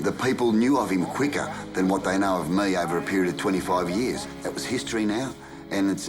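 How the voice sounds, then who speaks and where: A man with an Australian accent, a wrestling promoter talking bluntly in a documentary interview. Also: sits low. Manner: blunt, forceful talk with mild swearing.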